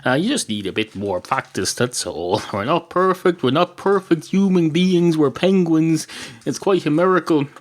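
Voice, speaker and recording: A man's voice: fairly high pitch, animated, normal speed, natural voice. An Irish man doing a fussy, pedantic talking penguin. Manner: fussy, lecturing.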